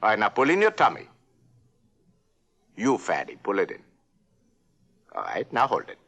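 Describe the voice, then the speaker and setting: Giggly old professor duck, rambling storybook teller, wildly swooping pitch. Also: male voice, wildly swooping pitch, normal speed, fairly bright tone, full character voice. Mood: playful. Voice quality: giggly, rambling, self-correcting. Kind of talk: storybook narration for a talking toy.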